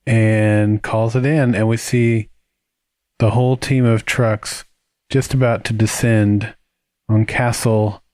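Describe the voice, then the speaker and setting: A man's voice: on the low side, dry recording. Jokey male podcast host, dry close mic. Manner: jokey, animated recapping. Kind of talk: casual podcast chat.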